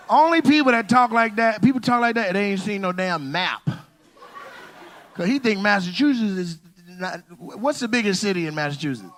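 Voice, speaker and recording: Stand-up comic, male, crowd work, high lively voice, teasing and loud. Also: unhurried, long pauses. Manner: loud, teasing, shouts punchlines. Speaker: stand-up comedian. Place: comedy club stage.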